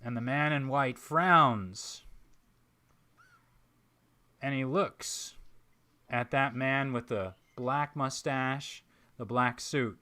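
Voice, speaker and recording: A man narrating as game master of a tabletop role-playing game, describing scenes in a measured, pausing way. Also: medium pitch, pushed and bright. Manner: measured, descriptive, with frequent pauses.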